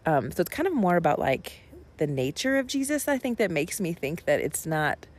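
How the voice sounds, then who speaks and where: A woman's voice: fairly low pitch, sing-song, moderate pace. A woman pastor talking casually about her sermon, rambling and conversational with many asides. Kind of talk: casual spoken reflection on a sermon.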